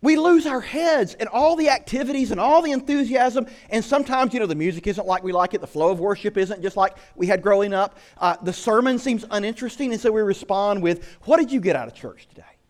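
A man's voice: high-pitched, fairly quick, hardly any pauses. A man preaching a sermon as a pastor, telling stories with lots of rhetorical questions. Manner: animated storytelling with rhetorical questions.

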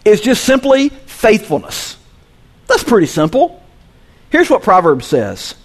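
A male pastor preaching a sermon, swinging between soft low asides and loud, emphatic peaks. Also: wildly swooping pitch, unhurried, breathy edge. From Southern US.

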